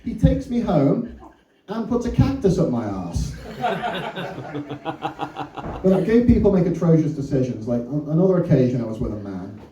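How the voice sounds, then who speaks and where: A man's voice: on the high side, sing-song, a little slow, long pauses, dark tone, reverberant, recorded from a distance, lo-fi sound. A man doing a crude, self-deprecating stand-up comedy set in a comedy club. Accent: English. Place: comedy club bar, audience laughing.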